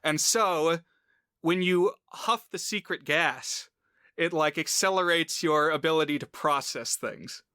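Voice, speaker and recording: A man's voice: a little high, unhurried, pushed and bright, clear, resonant tone, no echo, clean studio sound. A man chatting casually on a film podcast, explaining plot points in a rambling way with lots of fillers. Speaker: podcast co-host.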